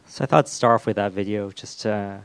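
A man preaching a sermon, talking in a halting way with lots of fillers and restarts. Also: on the low side, gravelly, clear, resonant tone. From the West. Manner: hesitant, with many fillers and restarts.

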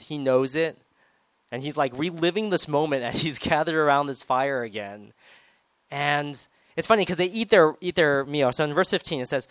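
A man's voice: on the high side, fairly quick, smooth, no room sound. A man preaching a sermon in a conversational way, retelling scripture and acting out quoted lines with rising emphasis.

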